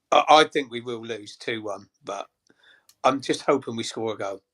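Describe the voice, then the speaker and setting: A man's voice: medium pitch, measured pace, fairly bright tone. A man, a guest on a casual football fan chat, easygoing and prone to repeating himself. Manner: easygoing, repeats himself, calls people mate.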